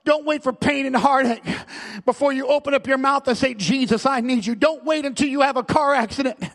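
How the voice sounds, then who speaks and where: A male pastor preaching a fervent sermon, repeating phrases and building up to shouts. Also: extremely high pitch, steady tone, fairly quick, in a large hall.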